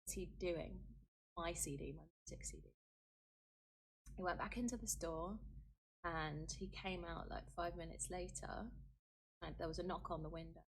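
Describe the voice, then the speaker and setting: A woman's voice: on the low side, fairly even intonation, normal speed, long pauses, slightly rough. A woman telling her own experience in an interview, earnest, with fillers and rising intensity, from an archived clip. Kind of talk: personal account in an interview.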